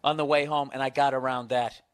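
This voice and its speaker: A man's voice: medium pitch, level tone, fairly quick, clear, resonant tone, dry recording. A man hosting a podcast, chatting casually and trading teasing, boastful banter with his partner. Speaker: podcast host. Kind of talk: casual chat.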